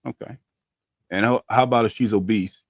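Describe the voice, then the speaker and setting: A man's voice: fairly low pitch, fairly even intonation, moderate pace, husky, no echo. A man hosting a podcast, running a playful dating quiz with friends over a video call, teasing and using loose slang. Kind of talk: casual group chat on a video call.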